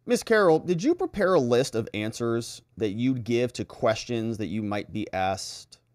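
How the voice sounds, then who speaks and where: A man's voice: medium pitch, lively intonation, measured pace, no echo, studio quality, pitched below the performer's own voice, natural voice. A man quoting a blunt male defense attorney, read in a pressing, sarcastic tone.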